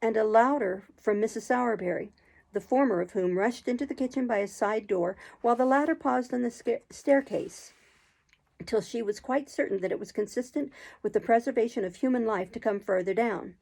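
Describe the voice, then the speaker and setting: Gravelly-voiced woman reading a novel aloud. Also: fairly high pitch, brisk, rough recording. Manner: expressive reading with occasional throat clearing. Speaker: narrator.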